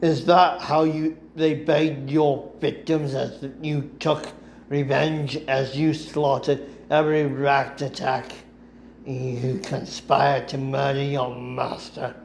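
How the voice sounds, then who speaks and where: A man reads as an old Sith lord with a slow, gravelly delivery, cold and mocking, each word measured and commanding. His voice rests at an everyday middle pitch, with a faint hiss under the home recording. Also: flat delivery. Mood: taunting. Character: cold, taunting elderly male Sith master.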